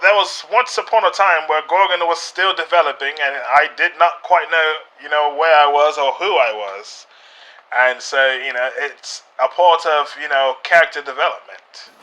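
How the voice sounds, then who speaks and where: A British man talking as a podcast guest, staying in character and speaking haltingly, with many fillers and restarts. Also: on the high side, bright, forceful tone, rough recording.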